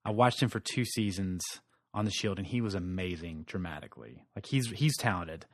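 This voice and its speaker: A man's voice: sits low, animated, a little fast, no echo, clean studio sound. A man co-hosting a casual pop-culture podcast, talking in a chatty, enthusiastic way. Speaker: podcast co-host.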